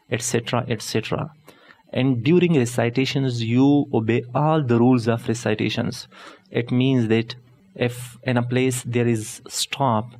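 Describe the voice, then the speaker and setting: A man teaching an online lesson as a tutor, speaking patiently and deliberately, repeating each point in several ways and spelling out terms slowly. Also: medium pitch. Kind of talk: explanatory lesson.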